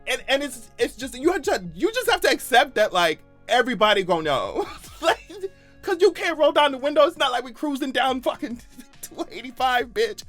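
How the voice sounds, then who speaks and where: Guy ranting funny about a news story, high voice, loud and profane, keeps laughing. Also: normal speed, soft background music. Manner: animated, laughing, profane and exaggerated. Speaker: YouTube commentator. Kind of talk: casual comedic news commentary.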